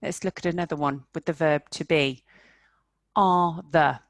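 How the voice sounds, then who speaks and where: A woman teaching an online English lesson, speaking slowly and clearly, repeating example questions with exaggerated intonation. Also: lowish voice, no room sound. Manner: slow, carefully enunciated teaching with exaggerated intonation.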